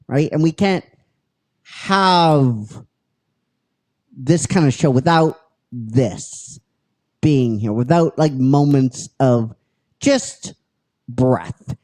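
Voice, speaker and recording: Slow, rambling podcast host. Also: mid-range voice, darkish tone. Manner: rambling, halting, with many fillers and restarts; chatty and self-deprecating, swears casually. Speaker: podcast host pitching episode ideas. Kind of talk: casual spoken storytelling.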